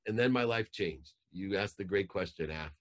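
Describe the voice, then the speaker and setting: A man with a very low voice tells a deeply personal story as a podcast guest. His delivery is emotional, swinging into animated outbursts as he relives key moments. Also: moderate pace.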